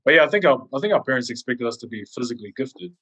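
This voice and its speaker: A man's voice: mid-range voice, animated, very fast, sharp tone, husky. A man co-hosting a podcast, chatting casually and acting out quoted voices as he tells stories. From Samoan heritage. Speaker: podcast co-host. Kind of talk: casual chat.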